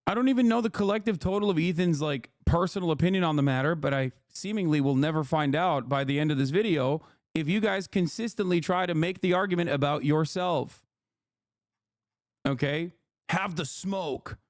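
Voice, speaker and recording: A male streamer lectures his chat in an unscripted rant, exasperated and profane, hammering the same phrases again and again. His voice sits somewhat high for a man and comes across close and dry, with hardly any room sound. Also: a little fast, few pauses, dry recording. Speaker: livestream host.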